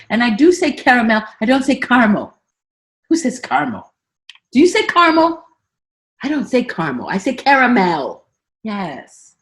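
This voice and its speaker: A high-voiced, scatterbrained woman politician, put on by a woman comedian rambles through a satirical spoof monologue. Her voice swoops up and down, and she repeats herself with deadpan asides. She drops to hushed mutters, then breaks into sudden loud outbursts. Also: exaggerated voice.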